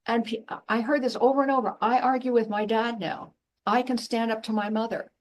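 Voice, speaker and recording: A woman guest, once a professor, speaking in a blunt, emphatic and animated way in a passionate interview conversation. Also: on the high side, fairly quick, a little hiss or hum. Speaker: guest, former professor and intuitive.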